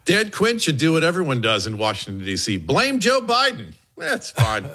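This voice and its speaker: A man's voice: on the high side, a bit bright, husky. A man delivering topical sports jokes in a stand-up comedy style, laughing along at his own punchlines.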